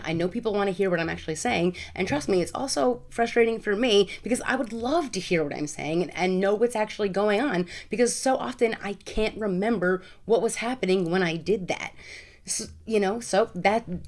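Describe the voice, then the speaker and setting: A woman vlogger answering viewer questions in a casual, frank way, often repeating words for emphasis. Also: mid-range voice. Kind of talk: casual Q&A to camera.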